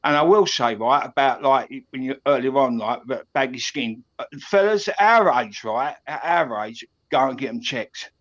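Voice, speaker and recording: A man's voice: medium pitch, moderate pace, hardly any pauses, fairly bright tone, dull audio. A middle-aged man from East London with a Cockney accent, rambling with many restarts as a caller on a stream. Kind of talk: casual chat.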